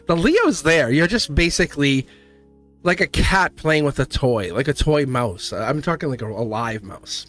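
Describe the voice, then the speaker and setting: A man's voice: fairly high pitch, expressive, measured pace, a bit bright, soft background music. A man giving a live tarot reading, blunt and chatty, laughing often and acting out little voices. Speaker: tarot reader.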